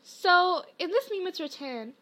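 A woman's voice: very high voice, lively intonation, unhurried, sharp tone. A woman hosting a podcast, chatting casually and reacting to memes, peppering her talk with "like". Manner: chatty, frequent "like" fillers. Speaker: podcast host.

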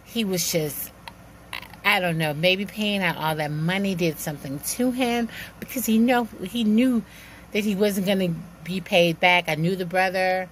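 Woman, personal storytelling, animated, acts out dialogue, faint background noise. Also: on the low side, measured pace. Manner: animated retelling with quoted dialogue and laughs.

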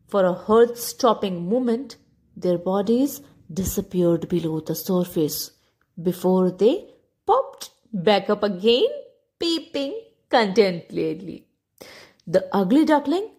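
Slow, gentle woman reading a fairy tale. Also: fairly high pitch. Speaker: storyteller. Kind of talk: storybook narration.

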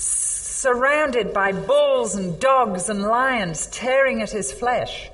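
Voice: medium pitch, fairly bright tone. A preacher delivering a sermon, stressing points with repeated phrases and reading scripture aloud with rising intensity. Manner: emphatic, repeats phrases for effect. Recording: long hall reverb.

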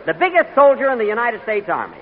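A man hosting a live radio comedy show, talking with an indignant, halting manner full of uh's. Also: very high voice, big pitch swings, narrow, tinny audio. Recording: crackly 1940s radio broadcast with live audience.

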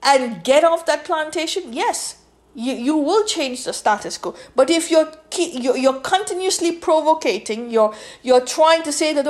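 A woman's voice: high voice, animated, moderate pace. A woman hosting a solo podcast monologue, lecturing emphatically and repeating phrases for weight. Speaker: podcast host.

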